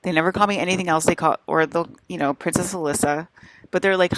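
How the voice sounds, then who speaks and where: Low-voiced woman rambling exasperatedly to camera. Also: fast, no room sound. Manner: exasperated, scolding, repeats herself with many fillers. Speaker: vlogger.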